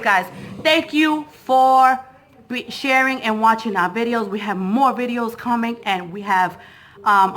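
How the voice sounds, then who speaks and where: A woman's voice: on the high side, a bit bright. A woman hosting a family vlog giveaway, playful and bubbly, laughing often and a bit out of breath.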